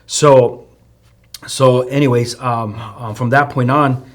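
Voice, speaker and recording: A man's voice: medium pitch, fairly even intonation, slow. A man with a Chicano English accent, a guest telling a personal testimony in a loose, storytelling way, with many fillers and restarts. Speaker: podcast guest.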